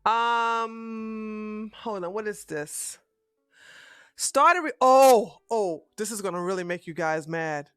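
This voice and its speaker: A man's voice: sits high, slow pace, fairly bright tone, smooth, dry recording, clean studio sound, soft background music. A man reacting to a protest video with incredulous, profane commentary, repeating himself for emphasis.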